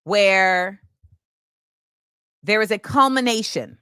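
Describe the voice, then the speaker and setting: A woman's voice: mid-range voice, animated, slow pace, pushed and bright, smooth, dry recording, studio quality. A woman hosting her own show, delivering an impassioned film commentary monologue and repeating key phrases for emphasis. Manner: opinionated and impassioned. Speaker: show host.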